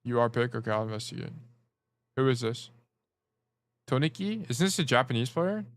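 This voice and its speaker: A man of middling pitch coaches players over a casual livestream. He rambles and jokes as he goes, with plenty of swearing. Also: animated, normal speed, no room sound. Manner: rambling, joking and profane. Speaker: game coach.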